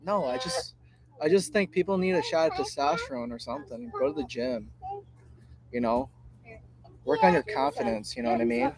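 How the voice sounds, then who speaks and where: A man's voice: on the high side, animated, moderate pace, pauses often, very noisy. Blunt ranting podcast guy. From Michigan. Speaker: podcast co-host. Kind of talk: casual podcast chat.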